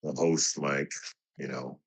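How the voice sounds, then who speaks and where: Very deep, flat-voiced male stand-in host. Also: takes it slowly, vocal fry, breathy edge. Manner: blunt, swears casually. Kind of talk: casual chat.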